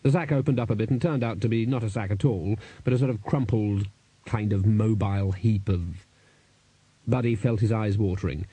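A man reads a fantasy novel aloud in a wry, even storytelling voice. His tone is dark and a little husky. The recording is dry and close. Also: lowish voice, moderate pace, dry recording. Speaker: audiobook narrator. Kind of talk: scripted narration.

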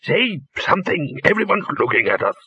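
A man's voice: a little high, big pitch swings, fairly quick, bright, forceful tone, slightly rough, pitched above the performer's own voice, heavily acted. A man voicing a testy older male wizard who hisses impatiently, on a slightly dull recording. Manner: hissing, impatient.

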